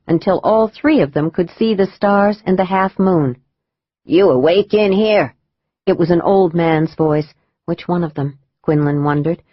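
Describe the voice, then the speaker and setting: A woman narrating a thriller audiobook in a measured, even storytelling manner. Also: on the low side, no echo, muffled recording.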